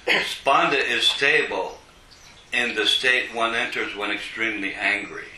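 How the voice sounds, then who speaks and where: A man teaching a small group, reading a passage slowly and then unpacking it with halting restarts. His voice has a bright, crisp edge. He sounds distant from the mic in an echoey room with a faint hiss behind him. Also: lowish voice. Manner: slow, deliberate, with many restarts. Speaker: teacher leading a study group. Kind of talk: reading a text aloud and explaining it.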